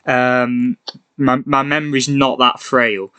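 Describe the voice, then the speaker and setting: A man's voice: medium pitch, flat delivery, slow, pushed and bright, smooth, dull audio. A young man co-hosting a casual podcast, chatty and self-deprecating, laughing often. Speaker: podcast co-host.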